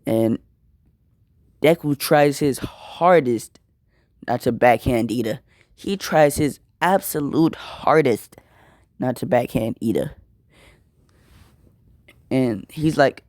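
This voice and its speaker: Young man narrating an improvised fan story, casual and rambling, slow mellow delivery. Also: medium pitch, no room sound, clean studio sound. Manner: slangy, rambling, repeats words.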